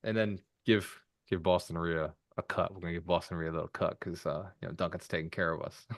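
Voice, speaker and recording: A man's voice: sits low, fairly even intonation, brisk, no room sound, studio quality. A man presenting from home on a video call, upbeat and casual, calling people brother. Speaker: webinar presenter. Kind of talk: casual online Q&A.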